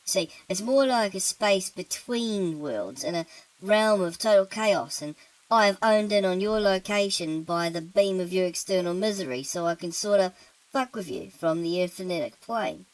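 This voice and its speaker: A woman's voice: on the low side, expressive, measured pace, no room sound, low-quality recording. A woman doing a tired, laid-back British demon. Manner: casual, offhand, tired. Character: weary, easygoing male demon on the job. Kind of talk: horror-comedy story narration.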